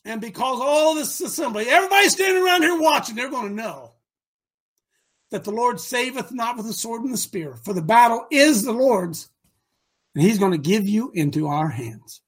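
A man preaching a sermon, retelling a story with animated shouts and slangy asides. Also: high voice, moderate pace, husky.

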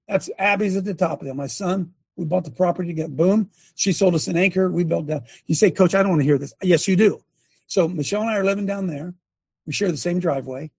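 An older man, formerly a coach, gives a sermon-like testimony in a high-sitting, fast, creaky voice that's husky and a little mellow, on a dry recording. He speaks emphatically with many repeats and restarts, breaking off to direct a helper at a screen.

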